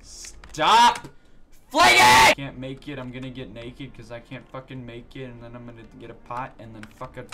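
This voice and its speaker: A man's voice: mid-range voice, level tone, a little fast, hardly any pauses. A man giving profane, exasperated gameplay commentary, breaking into sudden yelps and curses. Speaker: gaming streamer. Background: game music and keyboard clicks.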